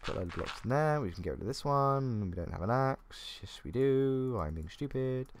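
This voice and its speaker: In casual gameplay commentary, a young man who makes gaming YouTube videos speaks at normal speed with a medium-pitched, expressive voice. He reasons aloud and mocks himself a bit; there's slight background noise plus faint keyboard clicking.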